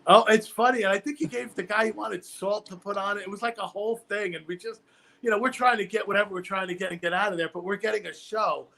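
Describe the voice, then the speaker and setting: A male comedian with a higher-than-usual voice spins rambling stories, building to punchlines in a stand-up manner. His delivery is loose and conversational. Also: fairly even intonation, quick pace, gravelly, bright, forceful tone. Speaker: comedian guest. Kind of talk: stand-up style chat.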